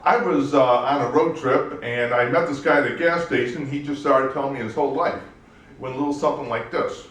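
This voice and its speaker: Relaxed stand-up comic in a roomy venue. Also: male voice, mid-range voice, brisk. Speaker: stand-up comedian. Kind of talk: stand-up storytelling. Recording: roomy live venue, distant mic, noisy.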